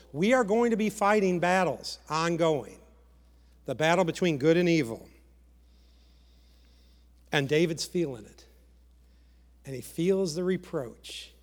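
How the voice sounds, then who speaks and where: A man preaching a sermon with passion, repeating words and dropping to a hush to press a point. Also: sits high, big-room sound. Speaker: pastor.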